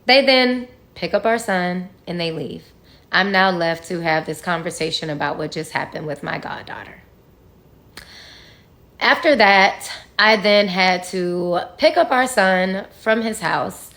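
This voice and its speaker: Woman, slightly low pitch, candid storytime, blunt, swears, chatty fillers. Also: a little slow, fairly bright tone. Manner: frank and profane, talks straight to viewers; conversational, with fillers and restarts. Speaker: vlogger telling her own story.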